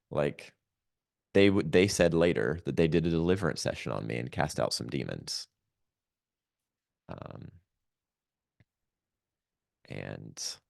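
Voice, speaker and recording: A man, a podcast guest, telling a painful personal story in a reflective, halting way with many pauses. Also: very deep voice, creaky, dry recording, studio quality.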